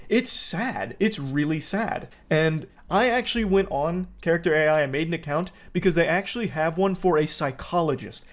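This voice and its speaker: Deadpan, higher-voiced male commentator. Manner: deadpan, steady delivery. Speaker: video commentator. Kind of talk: measured video commentary.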